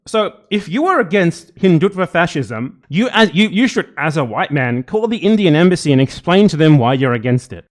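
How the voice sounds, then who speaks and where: A man with a fairly high voice rants through a live reaction stream. He sounds exasperated and furious and swears constantly as he picks apart the clip. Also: lively intonation, normal speed, few pauses. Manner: angry, exasperated, heavy swearing.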